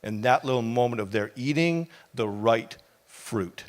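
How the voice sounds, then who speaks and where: A middle-aged male pastor preaches with passion, talking to his congregation in a loose, conversational way. His voice sits at an ordinary mid pitch for a man, and he keeps dropping in casual asides between the big points. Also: lively intonation, unhurried. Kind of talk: sermon.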